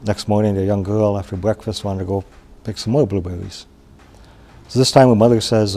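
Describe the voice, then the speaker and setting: Gravelly low-voiced male storyteller. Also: steady tone, warm tone. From Wisconsin. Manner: unhurried, plain-spoken, with pauses and restarts. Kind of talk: traditional oral storytelling.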